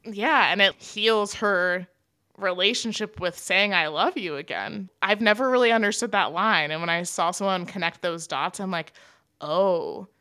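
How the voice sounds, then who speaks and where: In a medium-pitched voice at a moderate pace, the young podcast co-host chats as an excited, expressive fan. Studio sound is clean, with no echo.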